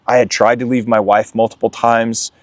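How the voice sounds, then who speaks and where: A man's voice: medium pitch, flat delivery, normal speed. A young man sharing his recovery story in a candid, emotional way as an interview guest. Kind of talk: candid testimony.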